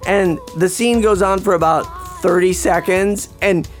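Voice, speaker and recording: Slow, rambling podcast film commentator. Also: medium pitch, fairly even intonation, faint music behind. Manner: rambling, lots of fillers and restarts, wry. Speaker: podcast host reviewing a film.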